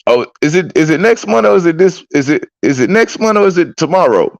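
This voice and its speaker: A man chatting casually as a streamer, excitable and profane with loud whoops. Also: on the high side, a little fast, creaky, no echo. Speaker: streamer reacting to clips. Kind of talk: casual reaction chat.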